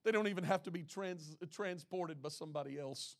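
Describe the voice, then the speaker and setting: A pastor with a high-pitched voice delivers a sermon at a fairly quick pace. He moves from ringing exclamations down to hushed, intimate asides, reading scripture aloud between his points.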